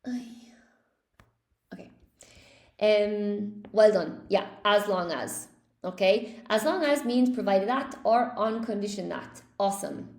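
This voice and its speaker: A woman's voice: mid-range voice, slow pace, a little mellow, roomy sound. A woman teaching a live online English class, cheerfully praising students by name as she goes through quiz answers.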